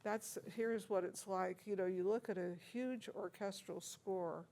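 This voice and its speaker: Being interviewed in a university room, an older woman organist reminisces about people she has met, laughing frequently and using lots of fillers as she tells her stories. Her voice is mid-range, steady, a little mellow, and gravelly and husky, and she speaks a little slowly.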